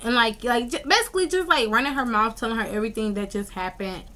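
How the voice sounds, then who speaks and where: Brief: young woman vlogger, bright and slightly high voice, slangy animated storytelling. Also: fast talker. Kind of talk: casual storytime vlog.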